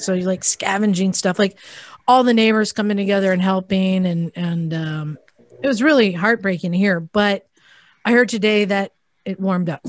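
A woman co-hosts a podcast in casual chat, earnest and rambling, with plenty of ums and restarts. Her pitch sits in the middle for a woman. The sound is close and dry, with no room echo. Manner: earnest, rambling, many fillers. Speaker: podcast co-host. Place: garage studio.

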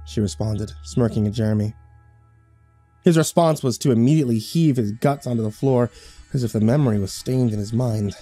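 A man's voice: mid-range voice, brisk, warm tone, soft background music. A man narrating a first-person horror story in a dramatic, scripted storytelling style.

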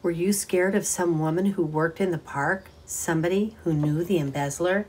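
An eager boy sleuth, played by a woman reading aloud, keeps pushing with urgent, insistent questions. The tone lifts above the low narrating voice and presses forward with storybook energy. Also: moderate pace, darkish tone, breathy edge. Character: eager, persistent boy detective.

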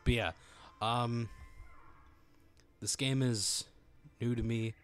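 A man casually commenting while he plays a video game, goofy and excitable, humming along with it. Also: medium pitch, takes it slowly, smooth, faint music behind. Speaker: let's play host.

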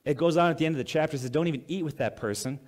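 A pastor preaching a sermon in a conversational way, reading scripture aloud, then explaining it plainly and asking the congregation questions. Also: male voice, fairly high pitch, rapid-fire, a little mellow.

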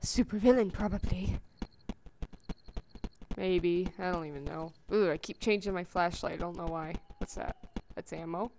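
A woman giving chatty let's-play commentary on a survival game, gasping at finds and breaking into squeaky sing-song calls. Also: moderate pace, dark tone, slight background noise. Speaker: gameplay commentator.

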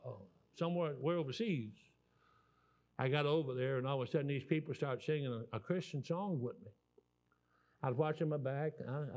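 A man in his sixties with a Southern US accent, preaching a sermon as a guest preacher and telling stories in a folksy, rambling way. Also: medium pitch. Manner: folksy, animated storytelling with rambling restarts.

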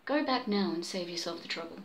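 A woman's voice: fairly low pitch, animated, brisk, creaky, rough recording. A woman reading the lines of a stubborn young woman in a pulp story read aloud at home. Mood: insistent.

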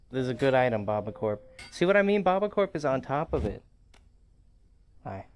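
A man's voice: mid-range voice, clear, resonant tone. A man hosting a gaming channel, giving chatty, rambling commentary as he plays, laughing often. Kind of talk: casual game commentary.

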